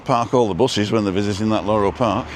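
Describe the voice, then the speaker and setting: A man's voice: lowish voice, fast talker, a little hiss or hum. A man chatting casually while driving and filming, reading out viewer comments with a dry, joking manner. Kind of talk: casual live-stream chat while driving. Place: inside a car.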